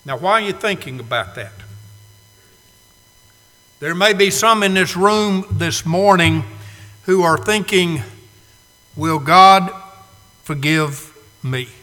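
A man preaching a sermon, swinging from loud to hushed, with slow emphatic phrasing. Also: high voice. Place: church sanctuary. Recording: long hall reverb.

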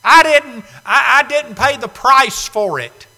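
Male preacher, high-pitched and very bright, emphatic, dramatic loud-to-hushed delivery. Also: slow pace, in a large hall, low-quality recording. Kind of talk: sermon. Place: church sanctuary.

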